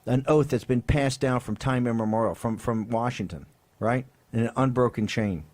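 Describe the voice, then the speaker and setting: A man hosts a political talk show with fiery, emphatic and rhetorical commentary, constantly asking "right?". His medium-pitched voice is a little mellow and moves at a moderate pace.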